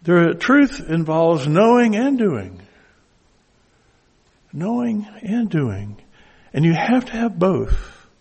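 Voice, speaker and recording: A man's voice: high voice, very animated, slow, vocal fry, long pauses, darkish tone, slightly rough. An older man with a Southern accent preaching a conversational sermon with folksy asides.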